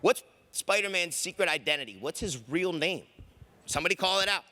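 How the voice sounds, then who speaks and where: A man's voice: sits high, expressive, fairly quick, sharp tone. A man doing a stand-up comedy set on a conference stage, chatting with the crowd and acting out quoted voices.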